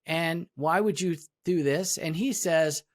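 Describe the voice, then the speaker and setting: A man's voice: fairly high pitch, measured pace. A man co-hosting an HR podcast who tells stories in casual chat and acts out the dialogue of the people in them. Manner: storytelling, acting out quoted dialogue. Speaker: podcast co-host, HR professional.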